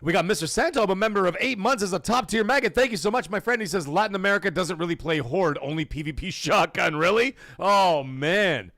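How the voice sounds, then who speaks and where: A man hosting a gaming livestream, loudly shouting out chat donations and swearing casually. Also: high-pitched, animated, brisk, few pauses, no room sound, studio quality, soft background music. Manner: loud, hyped shout-outs reading chat donations. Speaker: livestream host. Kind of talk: energetic live stream chat.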